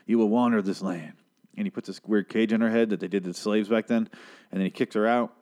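A man's voice: fairly low pitch, steady tone, quick pace, a little mellow, clear, resonant tone. A man giving a casual, rambling episode recap, profane and opinionated, swearing freely. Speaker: TV show recapper.

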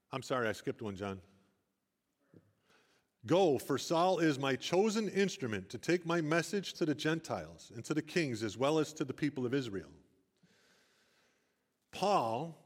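Older man preaching in a reverberant hall. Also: on the high side. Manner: earnest, storytelling, rising emphasis. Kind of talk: sermon.

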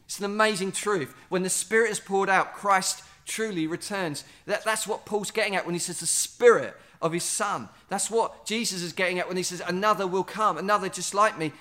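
A man preaching a sermon, earnest, repeating words and slowing down to stress key lines. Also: high-pitched, pushed and bright. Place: standing in a building site or venue.

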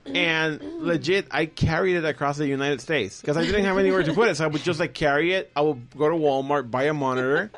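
A man with as his tells a long, rambling story in casual chat, swearing freely and jumping into other people's voices. His voice sits a little high for a man. He keeps the tale rolling with plenty of "like" and "yeah.". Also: a little fast, a bit bright. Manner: profane, rambling, acts out quoted voices. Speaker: podcast guest telling stories.

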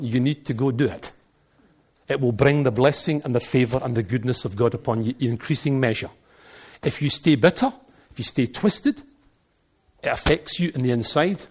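A middle-aged man with a Glaswegian accent preaching a sermon, telling animated stories and jokes and now and then breaking into shouts. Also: medium pitch, slight background noise.

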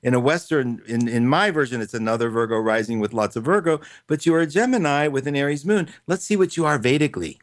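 A male radio host with a gentle, reassuring way of talking to callers and a tender, affectionate turn of phrase. His voice sits at an ordinary middle pitch. It is recorded close and dry, with no room sound. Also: animated, fast, few pauses, no echo. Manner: gentle, reassuring, calls callers sweetie and honey. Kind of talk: call-in radio chat.

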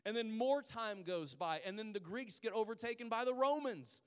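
Male pastor, high voice, conversational sermon, long hall reverb. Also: animated, a bit bright, clean tone. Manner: conversational storytelling, drawn-out emphatic pauses.

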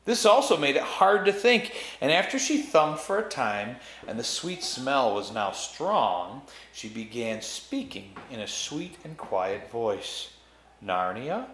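A man reading a story aloud and preaching on it, expressive and emphatic, in a roomy space. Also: mid-range voice, unhurried, few pauses. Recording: echoey room.

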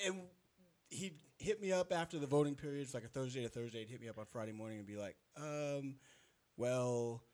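A band member chatting in an interview, telling stories with lots of restarts. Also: male voice, medium pitch, steady tone, fast, a little mellow. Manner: rambling storyteller with restarts. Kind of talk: casual interview talk.

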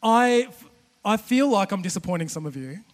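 A man with an Australian accent giving a humorous, chatty sermon as a guest preacher, animated and self-deprecating with many restarts. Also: sits high, moderate pace. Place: church auditorium. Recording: long church hall reverb.

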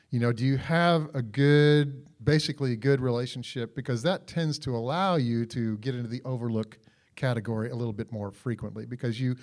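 A middle-aged man co-hosts a casual faith chat. He speaks in an easygoing, self-deprecating way. His voice sits at a middle pitch for a man. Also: darkish tone. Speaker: co-host.

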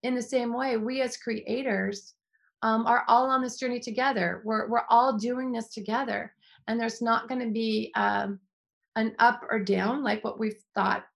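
Woman, podcast host, earnest, effusive, gravelly edge. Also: fairly high pitch, steady tone, a little slow. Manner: earnest, effusive, frequent restarts. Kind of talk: faith-based podcast chat.

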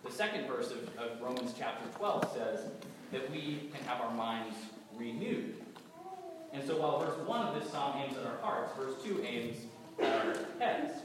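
A man from New England with a New England accent and a cold, preaching a sermon in a conversational, gently humorous way and sometimes repeating his words. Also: mid-range voice, animated, normal speed. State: has a cold. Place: large church hall. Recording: echoey hall from far off, audible noise.

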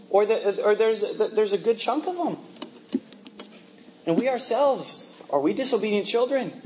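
A man's voice: high-pitched, darkish tone, a little hiss or hum, low-quality recording. A young man preaching a conversational sermon, full of rhetorical questions and laughing asides, with a mixed accent. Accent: mixed, from working in a multinational office.

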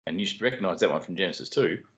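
A man who co-hosts a podcast and explains Bible passages in a measured way with dry humor. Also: low-pitched, expressive. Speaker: podcast co-host explaining scripture. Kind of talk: teaching Bible study podcast. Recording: dull lo-fi sound.

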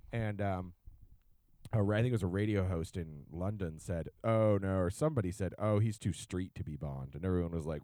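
A man co-hosting a podcast in casual chat, joking and swearing freely with an animated manner. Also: low-pitched, no echo.

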